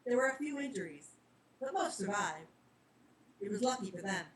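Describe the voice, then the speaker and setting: A woman narrating a storybook reading in a soft, plain way. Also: medium pitch, lively intonation, normal speed, crowd noise, poor audio.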